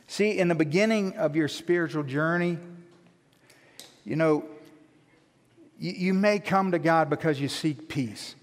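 A male pastor with a high voice for a man, preaching in a lively, self-mocking storytelling manner. His words carry a long reverb that fills the church sanctuary. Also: unhurried, pauses often. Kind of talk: sermon.

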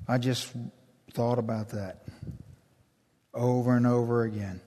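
A man preaching a sermon as pastor, slow and emphatic, building intensity. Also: mid-range voice, fairly even intonation, dark tone. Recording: long hall reverb.

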